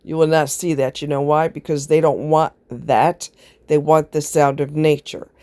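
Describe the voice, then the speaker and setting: A woman's voice: sits low, fairly even intonation, normal speed, warm tone, no room sound. A woman chatting casually to camera, rambling from one aside to the next and often laughing. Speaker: vlogger. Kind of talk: casual chat.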